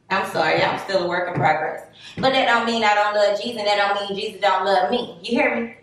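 A woman's voice: medium pitch, steady tone, normal speed, vocal fry, a bit bright. A woman in her late twenties with a Southern US accent, talking bluntly and preachily straight to her viewers in a casual monologue. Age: 20s. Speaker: vlogger. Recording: very echoey room, distant mic, faint noise.

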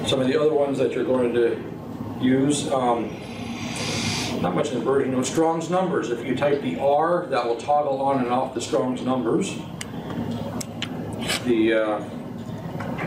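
A man teaching software at a workshop, talking in a relaxed, halting way with many fillers and restarts. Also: a little high. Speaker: software instructor. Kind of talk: recorded workshop tutorial. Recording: roomy, distant, noisy workshop recording.

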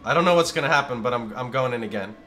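Excitable man streaming a game, bright voice. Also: medium pitch, racing, faint music behind. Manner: excitable, yelling out moves, swearing and laughing. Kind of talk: live gameplay commentary. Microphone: studio condenser microphone.

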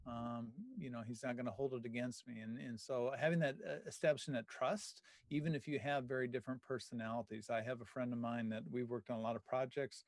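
A man's voice: mid-range voice, steady tone, a little fast, hardly any pauses, no room sound. Earnest male teacher, dry sound. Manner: earnest, with many fillers. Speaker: teacher hosting a class. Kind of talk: classroom video call.

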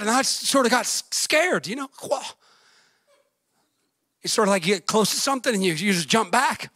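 A man preaching a fervent sermon, swinging between shouts and a singsong cadence and acting out the voices in his stories. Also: very high voice, no echo. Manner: acts out story voices, folksy grammar.

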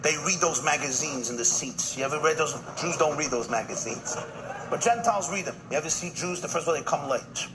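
A man, a rabbi, giving a humorous live speech with punchy jokes, quick asides and repeated punchlines. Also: a little high. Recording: noisy live event recording.

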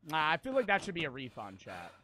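A young man streams a video game, talking fast with a fairly high, wildly swooping pitch over slight background noise. As a gaming streamer doing casual let's-play commentary, he's loud, swears, laughs often, and talks to his chat while playing.

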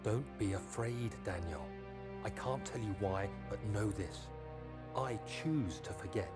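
Guy doing a grave solemn man leaving a message to himself, lowish voice, urgent, faint music. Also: unhurried, natural voice.

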